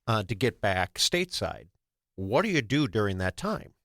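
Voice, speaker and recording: An older man, a veteran guest, speaking in a measured, explanatory way and posing questions to the listener. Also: fairly low pitch, big pitch swings, a bit bright, no echo, clean studio sound. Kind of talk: interview explanation.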